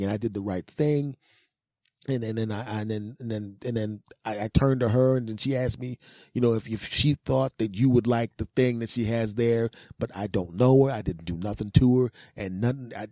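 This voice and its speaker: A man's voice: medium pitch, warm tone, no echo, studio quality. A man hosting a comedy podcast who gripes in an exasperated, profane rant and acts out scenes.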